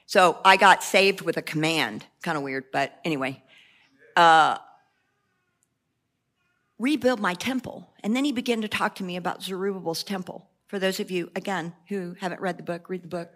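A woman's voice: fairly low pitch, brisk, fairly bright tone. A woman preaching a sermon with passion, mixing joking asides with fervent repeated cries.

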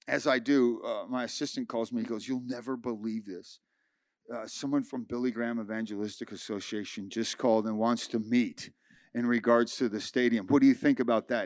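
A man pastor giving a sermon, telling a personal story with lively acted-out dialogue. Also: mid-range voice, no room sound, clean studio sound. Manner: animated storytelling, acting out dialogue. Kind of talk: sermon testimony.

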